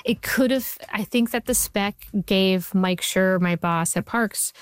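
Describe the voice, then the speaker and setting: A woman in her forties, a TV writer, answering interview questions with animated storytelling. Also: medium pitch, measured pace, clean tone, no room sound, studio quality. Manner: animated, acts out quotes while telling a story. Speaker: TV writer and showrunner.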